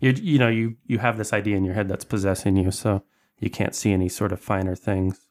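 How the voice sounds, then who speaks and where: Male game master, lowish voice, loose and halting narration. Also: steady tone, a little mellow. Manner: narrates with frequent fillers and restarts.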